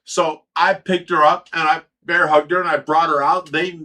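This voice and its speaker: This Ohio-born middle-aged man hosts a livestream, speaking at a normal speed in a bright, forceful voice that sits on the high side with little pitch movement. He tells his story casually, cursing freely and stumbling over repeated words.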